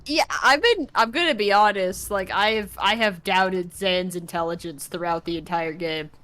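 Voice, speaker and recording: A woman's voice: medium pitch, moderate pace, fairly bright tone. A woman co-hosting a live stream in casual chat, rambling with restarts and the odd swear.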